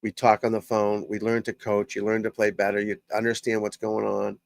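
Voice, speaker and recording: A man's voice: on the low side, completely flat delivery, fairly quick, vocal fry, dry recording. An older man, a golf coach, hosting a casual live stream and talking bluntly and profanely, rambling from one thought to the next.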